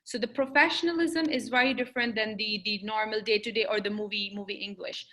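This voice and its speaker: Her mid-range voice stays steady in tone, moving fairly quickly with a pushed, bright quality. She runs a webinar for English learners on a video call, mixing teaching with Q&A, and her talk is casual, full of fillers, and often restarts.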